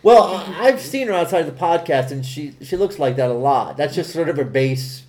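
A man's voice: fairly high pitch, animated, fairly quick, darkish tone. Man narrating comic fan fiction. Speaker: podcast co-host.

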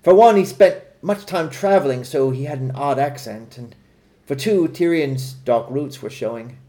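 A man co-hosting a podcast, reading comic fan fiction in a deadpan storytelling voice. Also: medium pitch, normal speed. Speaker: podcast co-host.

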